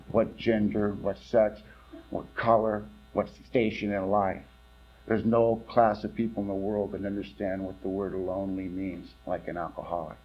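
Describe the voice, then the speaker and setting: A man telling his recovery story at a meeting, blunt and plain-spoken, his voice swinging between low, quiet passages and louder, livelier stretches. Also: lo-fi sound. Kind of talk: personal testimony talk.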